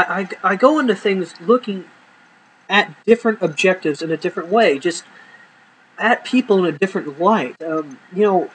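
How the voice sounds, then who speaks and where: A man's voice: high voice, slight background noise, poor audio. A man telling rambling, profane comic stories from his life and acting out the dialogue. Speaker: comedy storyteller. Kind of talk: casual comedic storytelling.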